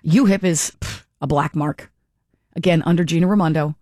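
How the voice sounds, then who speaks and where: Chatty low-voiced woman hosting talk radio. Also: moderate pace, no echo, clean studio sound. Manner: chatty, animated storyteller with many restarts. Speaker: radio talk show host. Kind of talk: casual storytelling on talk radio.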